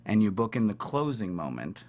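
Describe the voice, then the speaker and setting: Joking, animated male casting director. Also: lowish voice, fairly quick. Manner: animated, joking, self-interrupting with fillers. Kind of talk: casual interview chat. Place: talk show studio.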